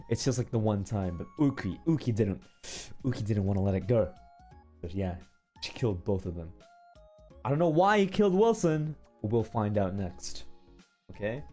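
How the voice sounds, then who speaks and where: A man's voice: medium pitch, mellow. A male streamer telling a long story to his chat in a casual, rambling way, often checking in with "okay?" and "right?".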